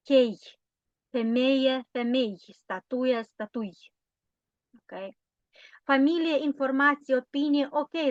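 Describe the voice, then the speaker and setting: A woman teacher with a Romanian accent speaks in a slightly high voice, taking her time over each explanation. She checks in often with little tag questions. The recording is dull and lo-fi, with a dry, close sound. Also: dry recording. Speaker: language teacher. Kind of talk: explanatory online lesson.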